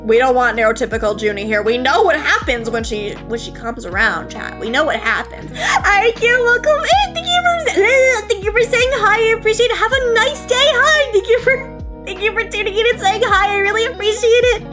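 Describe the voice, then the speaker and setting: Bubbly high-voiced woman streamer, giggly. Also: big pitch swings, normal speed, over music. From United States. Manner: giggly, bubbly, swings between squeals and low mumbles. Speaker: VTuber streamer. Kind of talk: casual stream chat, reading chat.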